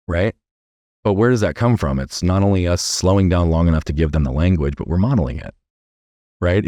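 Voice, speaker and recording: Deep-voiced guy on a podcast, earnest storyteller, keeps saying right?, dry close sound. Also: no room sound. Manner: earnest, animated storytelling with many "right?" tags. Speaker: podcast guest, coach.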